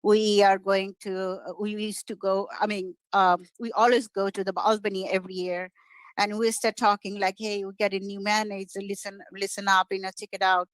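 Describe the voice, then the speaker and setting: Middle-aged Bengali-accented woman, community organizer, eager halting delivery, mid-range pitch, dry. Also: little pitch movement, no room sound. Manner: halting, many fillers and restarts, enthusiastic. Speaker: community organizer and guest speaker. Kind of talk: informal virtual speech. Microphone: video call.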